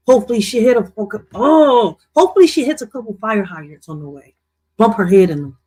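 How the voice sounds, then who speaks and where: A man's voice: high voice, lively intonation, fairly quick, darkish tone, breathy edge. A man co-hosting a news commentary show, talking casually with heated, profane outbursts. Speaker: co-host.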